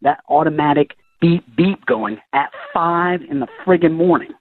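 A man's voice: on the high side, moderate pace, dry recording. A man on a phone call, blunt and exasperated as he complains. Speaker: prank call target. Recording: muffled phone line.

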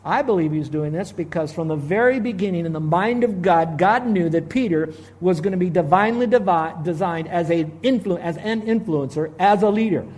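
Animated high-voiced male preacher. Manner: animated, swings from loud emphasis to hushed quoting. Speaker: pastor. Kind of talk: sermon.

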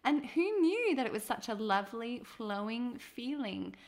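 A cheeky woman in her thirties co-hosts a casual chat, teasing her friend and laughing easily. Her voice sits fairly high. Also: very animated, a little slow. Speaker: podcast co-host.

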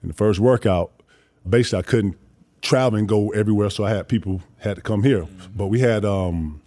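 A man's voice: fairly low pitch, brisk. Laid-back man telling stories. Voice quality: animated, profane, acts out voices. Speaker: guest storyteller. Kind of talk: casual storytelling.

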